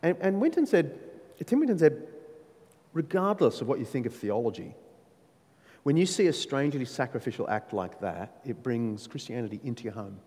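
Animated man preaching in a hall. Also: medium pitch. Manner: animated, emphatic, with playful asides to the audience. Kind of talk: sermon. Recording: long reverb of a large hall.

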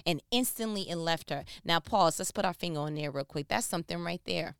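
A woman preaching an animated sermon in a casual, slangy way, asking her listeners questions. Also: lowish voice, brisk, vocal fry, smooth, no room sound, clean studio sound. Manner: conversational, slangy, asks the audience questions.

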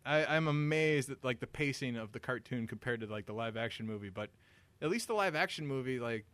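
A man co-hosting a podcast, trading crude jokes in casual banter and breaking into loud laughs. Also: medium pitch, brisk, noisy background. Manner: animated, laughing, loud bursts. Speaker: podcast co-host.

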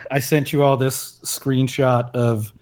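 A man co-hosting a casual chat, relaxed and dropping brief remarks with fillers. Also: medium pitch, takes it slowly. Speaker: podcast co-host.

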